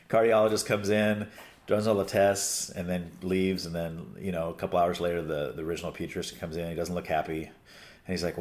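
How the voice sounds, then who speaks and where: A middle-aged man with a lowish voice tells stories in a relaxed, rambling way. He uses plenty of fillers and restarts, and he slips into other people's voices when he quotes them. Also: fairly quick. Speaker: podcast host. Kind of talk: casual conversation.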